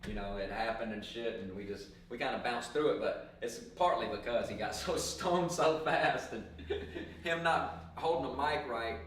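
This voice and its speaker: A man's voice: medium pitch, normal speed. A man hosting a podcast, telling a profane story in casual chat and acting out the people in it. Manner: animated, profane storyteller who acts out voices. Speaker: podcast host. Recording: echoey room, distant mic, faint hiss.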